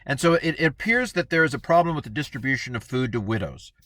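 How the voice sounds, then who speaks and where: Man, casual bible lesson, chatty and playful, mid pitch, dry close sound. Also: animated, fast, fairly bright tone, no room sound. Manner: chatty, acts out quotes playfully with laughs. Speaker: Bible teacher.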